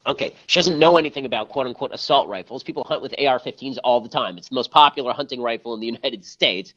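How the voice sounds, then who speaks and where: A man rattles off a combative commentary monologue at high speed. His voice is bright and forceful. He sounds scornful throughout. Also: dull audio. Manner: scornful, rapid-fire ranting. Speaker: political commentary host.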